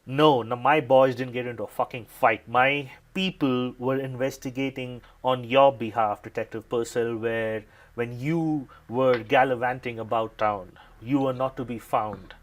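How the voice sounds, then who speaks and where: A man voicing an irritated, foul-mouthed police lieutenant who barks and swears, then drops to a hushed, secretive tone. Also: little pitch movement, measured pace, long pauses. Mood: angry. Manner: cursing, barking, then lowered conspiratorial tone. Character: gruff furious male police lieutenant, middle-aged.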